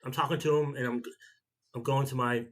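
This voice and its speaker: Fifties male vlogger, bright forward tone, casual rambling chat. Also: mid-range voice, steady tone, a little fast. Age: 50s. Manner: rambling storyteller who repeats and restarts himself.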